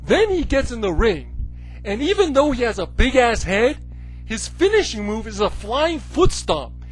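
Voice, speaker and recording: Brief: male commentary host, sarcastic, animated, very lively intonation. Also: extremely high pitch, measured pace, breathy edge, soft background music, low-quality recording. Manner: animated, sarcastic, full of "you know, like". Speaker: wrestling commentary video host. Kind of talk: comedic rant.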